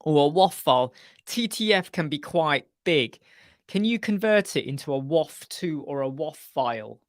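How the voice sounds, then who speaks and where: A man's voice: fairly high pitch, lively intonation, normal speed, dry recording, clean studio sound. A man hosting a casual live web chat, answering viewers by name in a chatty, joking way. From United Kingdom.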